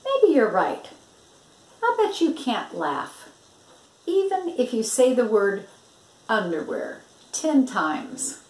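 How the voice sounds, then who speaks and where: A woman's voice: on the high side, very animated, takes it slowly, pauses often, darkish tone, voice pushed up, exaggerated voice. A woman voicing a clever, playful male zebra in a storybook, coaxing in tone. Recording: roomy echo.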